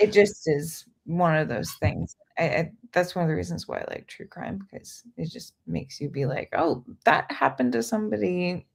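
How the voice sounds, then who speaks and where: Woman, podcast co-host, casual chat, rambling, restarts, lowish voice. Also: very animated, normal speed, vocal fry, hardly any pauses, husky. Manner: rambling, laughs often, many restarts.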